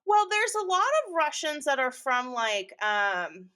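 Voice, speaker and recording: A woman's voice: sits high, very animated, a little slow, pushed and bright, clear, resonant tone. A young woman co-hosting a podcast, chatting casually, rambling and laughing often. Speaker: podcast co-host. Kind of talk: casual chat.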